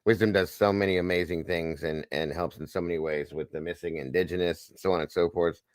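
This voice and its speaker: Low voiced guy hosting a livestream, shouting out people in chat, dry close sound. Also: fairly even intonation, a little fast, no room sound. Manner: shouts out viewers by name, jokey and upbeat. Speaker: livestream host. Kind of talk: casual live-stream chat.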